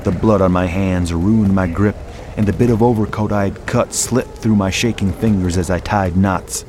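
A man reading a first-person horror story in a measured, grave way. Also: sits low, steady tone, noisy background. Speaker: narrator.

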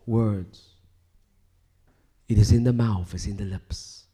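This man delivers a live sermon that moves from booming emphasis down to near-whispers, built on rhythmic, repeated phrases. His husky voice is fairly low and mostly even in intonation, and he speaks slowly with frequent pauses.

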